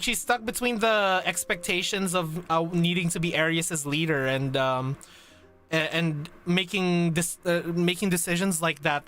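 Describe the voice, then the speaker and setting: A man's voice: sits high, bright, forceful tone. Gushing, stammering male streamer. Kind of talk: live game story reaction.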